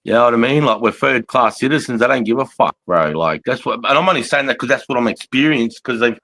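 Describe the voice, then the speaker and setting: A man's voice: medium pitch, animated, fast talker, a bit bright, no room sound, low-quality recording. A man with an Australian accent hosting a live chat, talking bluntly and swearing as he rants about local gripes. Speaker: live stream host.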